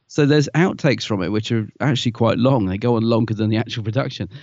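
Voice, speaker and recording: A man's voice: mid-range voice, quick pace, darkish tone, no echo, muffled recording. A man co-hosting a podcast, chatting casually and often laughing as he tells anecdotes. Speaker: podcast co-host. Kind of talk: casual chat.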